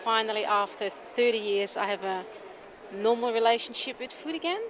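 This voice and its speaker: Measured woman giving a testimonial. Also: a little high. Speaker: testimonial speaker. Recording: clear background noise.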